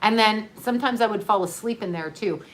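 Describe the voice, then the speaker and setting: A woman's voice: mid-range voice, brisk. A middle-aged woman in a candid livestream monologue, blunt and profane, laughing often while grieving. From United States. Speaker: livestream host.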